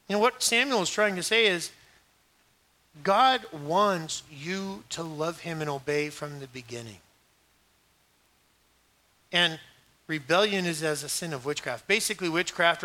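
A middle-aged man preaching a sermon, animated and acting out scripture scenes in different voices. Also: on the high side. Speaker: pastor.

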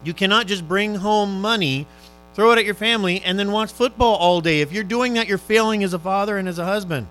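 A male preacher with a high-pitched voice delivers a fervent sermon a little fast, exhorting his listeners. He swings between loud, urgent appeals and hushed, quiet questions. The recording is low quality.

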